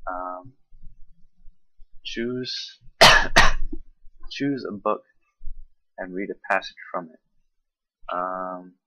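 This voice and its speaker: Low-voiced Southern man from South Carolina. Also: extremely slow, pauses often, bright, forceful tone, dry recording, poor audio. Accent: South Carolina Southern American. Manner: loose and profane, with frequent ums and restarts. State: coughing and tired. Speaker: vlogger doing an accent tag. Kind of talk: casual rambling chat.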